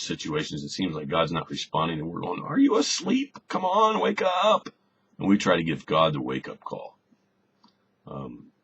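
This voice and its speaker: A man with an extremely low, gravelly voice leads a relaxed Bible study, thinking aloud and repeating words as he finds his way. The recording sounds a little dull, with a faint hiss underneath. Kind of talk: conversational Bible lesson.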